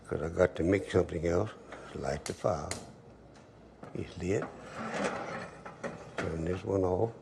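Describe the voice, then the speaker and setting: Standing at his kitchen stove, an older man spins a folksy story while he cooks, chatting away and muttering to himself as he goes. His voice is low-pitched with vocal fry, and a faint hiss or hum sits underneath.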